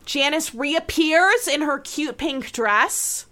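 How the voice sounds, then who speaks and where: Woman recapping a tv episode, slow and kinda high, bright voice, chatty. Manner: chatty, retelling scenes with voices. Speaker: podcast co-host. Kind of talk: casual chat recapping a TV episode.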